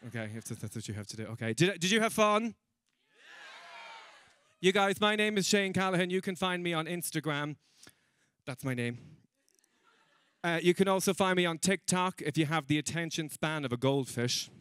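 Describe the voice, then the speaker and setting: A man doing stand-up comedy before a live audience, chatting with the crowd in a self-mocking, quick way. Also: fairly high pitch, expressive, fairly bright tone, clean tone, no room sound. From Ireland.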